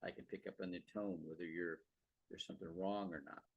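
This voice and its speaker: A man's voice: deep voice, steady tone, brisk, breathy edge, no echo. A man hosting a podcast, talking casually about sales in a rambling way, repeating words and checking in with "okay" and "right". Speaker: podcast host. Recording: dull, dry lo-fi sound.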